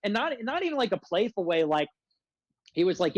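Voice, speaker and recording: A man with a fairly high voice, talking as a guest on a podcast. He rambles through a long, aggrieved complaint and stuffs "like" between almost every phrase. The sound is close and dry. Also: wildly swooping pitch, a little fast, no echo, low-quality recording. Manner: rambling aggrieved rant, heavy use of filler "like". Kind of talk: casual podcast conversation.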